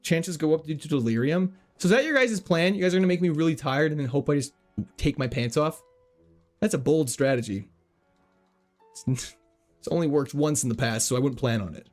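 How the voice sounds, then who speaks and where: A lively man streaming a game from home, cracking jokes and reading chat aloud. His slightly high voice swings all over the place as he talks. Soft music plays faintly behind him. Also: brisk. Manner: jokey, animated, reads chat aloud. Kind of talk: casual livestream commentary.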